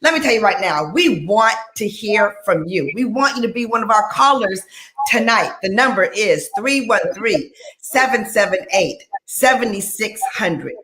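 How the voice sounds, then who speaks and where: A woman from Detroit opening a live radio talk show with high energy, repeating phrases for emphasis. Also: animated, measured pace, fairly bright tone, roomy sound. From Detroit, Michigan.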